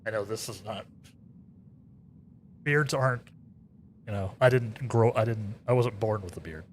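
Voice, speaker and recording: Rambling low-voiced male streamer. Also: unhurried, slight background noise. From United States. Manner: rambling, repeats words, chatty asides to chat. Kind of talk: casual chat with live chat while gaming.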